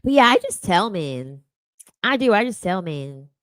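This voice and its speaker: A woman talks through a casual commentary chat with a blunt, sassy edge. She repeats her points for emphasis and keeps the talk animated. Her voice sits at an ordinary middle pitch, and the sound is dry and close. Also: a little slow, no echo. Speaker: commentary host reading chat.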